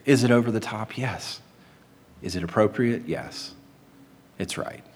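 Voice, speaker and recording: Earnest male preacher in a reverberant hall. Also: fairly low pitch. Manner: earnest, emphatic, rhetorical questions. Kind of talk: sermon.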